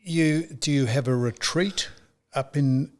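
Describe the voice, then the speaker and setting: An older man hosts a podcast interview. His voice sits at an ordinary pitch, and he asks his questions haltingly, restarting them partway through. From Australia. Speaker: podcast host. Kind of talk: casual interview chat.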